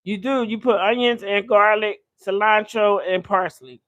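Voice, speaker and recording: A woman's voice: medium pitch, fairly even intonation, moderate pace, a bit bright, dry recording. An older woman hosting a casual livestream from her home kitchen, a chatty, slangy storyteller who laughs often. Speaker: livestream host. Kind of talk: casual live-stream chat while cooking.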